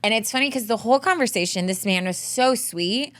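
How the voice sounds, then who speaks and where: A woman's voice: fairly high pitch, expressive, brisk, fairly bright tone, no room sound. A woman co-hosting a relationship advice podcast, telling stories in a chatty way with lots of "like". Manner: chatty storyteller, heavy use of "like". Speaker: podcast co-host. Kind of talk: casual chat.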